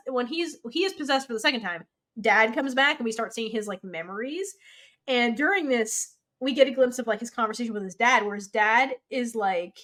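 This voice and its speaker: A woman co-hosting a podcast in casual, animated chat, talking fast and loose with lots of "like". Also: fairly high pitch. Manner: chatty, animated, peppered with "like". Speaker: podcast co-host.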